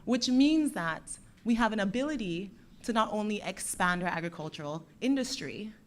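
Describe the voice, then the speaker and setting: A young woman from Dominica giving a lively, playful speech to schoolchildren at a closing ceremony. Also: medium pitch, normal speed. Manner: lively, playful with the children, warm encouraging. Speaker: guest speaker from a bank.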